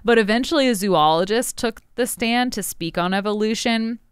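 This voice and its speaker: A woman's voice: fairly high pitch, moderate pace, smooth, no room sound, studio quality. A young woman from Tennessee co-hosting a casual podcast, recapping history with sarcastic asides. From Tennessee, USA. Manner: sarcastic, storytelling with laughs. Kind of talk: casual chat.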